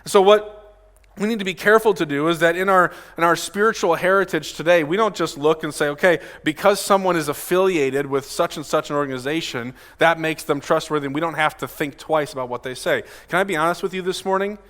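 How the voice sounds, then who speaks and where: In a church sanctuary with big-room sound, a male pastor speaks a little fast in a fairly bright voice on the high side. His conversational sermon at the pulpit microphone is casual and direct, with frequent questions to the congregation.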